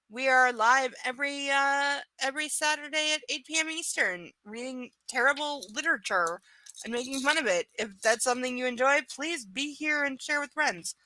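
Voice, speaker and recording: A woman hosts a live stream, reading a book and tearing into it with sarcastic, profane commentary. Her voice is bright and sits a bit high. The sound is dry and close, with no room around it. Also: dry recording. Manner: sarcastic, swears freely, rants.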